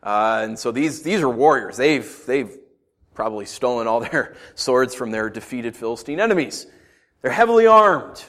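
A man preaching a sermon as pastor. He talks in a conversational, joking way and swings from quiet asides to loud emphasis. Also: mid-range voice, moderate pace.

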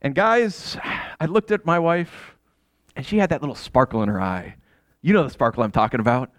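A man telling a dramatic first-person story monologue to an audience. He swings from quiet asides to exasperated, near-shouted outbursts and throws rhetorical questions at his listeners. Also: mid-range voice, moderate pace, dry recording, studio quality.

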